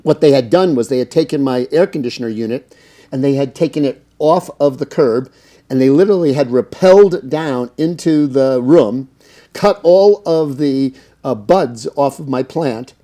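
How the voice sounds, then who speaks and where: A man's voice: medium pitch, moderate pace, warm tone. A middle-aged American man, an interview guest who tells long anecdotes in a casual, rambling way, full of fillers and acted-out quotes. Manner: anecdotal, lots of fillers, acts out quoted dialogue. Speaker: interview guest, cannabis business owner.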